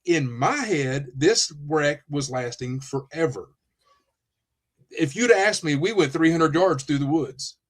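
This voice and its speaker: A former police officer telling a story on a podcast, animated, acting out what people said and often restarting his sentences. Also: on the high side, takes it slowly. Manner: animated storyteller, acts out quotes, frequent restarts. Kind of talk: casual storytelling in a podcast interview.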